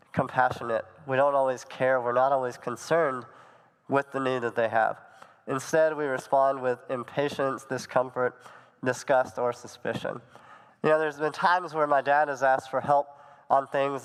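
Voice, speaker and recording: A young man delivers a casual, conversational sermon, retelling scripture in everyday language. His voice is smooth and resonant at a middling pitch. The sound rings with the long reverb of a large hall. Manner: conversational, plain storytelling with fillers. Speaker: youth pastor.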